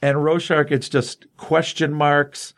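A man hosting a casual comic book chat, excitedly retelling a story in a loose, rambling way. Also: fairly high pitch, takes it slowly. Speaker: comic book podcast host.

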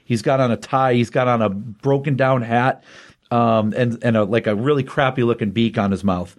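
A man's voice: mid-range voice, normal speed. Rambling man retelling a comic plot. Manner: rambling, retells plots with frequent restarts. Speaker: comic book podcast co-host. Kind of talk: casual comic review chat.

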